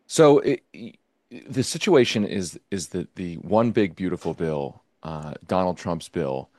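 A man's voice: deep voice, expressive, a little slow, a little mellow, no room sound, clean studio sound. A man answering as an interview guest, explaining at length with frequent filler words.

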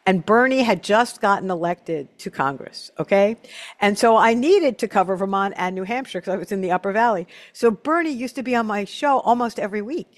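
An older man hosting an interview, telling an animated story in casual chat and often repeating his first words. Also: sits high, brisk. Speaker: host.

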